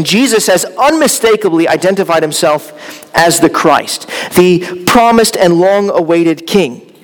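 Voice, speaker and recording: A man preaching an expository sermon in a church, earnest and explanatory, with occasional stumbles and restarts. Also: high-pitched. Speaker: pastor. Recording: long hall reverb.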